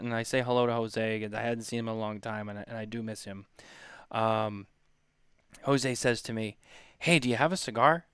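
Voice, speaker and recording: A man's voice: medium pitch, clear, resonant tone, no echo, studio quality. A man in his late twenties, co-hosting a casual talk show and telling a long, laughing anecdote. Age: 20s. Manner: laughing storyteller, animated impressions. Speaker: podcast co-host. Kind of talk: casual chat.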